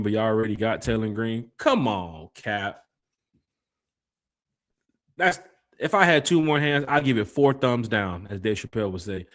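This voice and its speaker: A man hosting a casual fan podcast, reading out chat comments and giving shout-outs. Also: lowish voice. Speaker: podcast host. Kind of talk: casual live-stream chat.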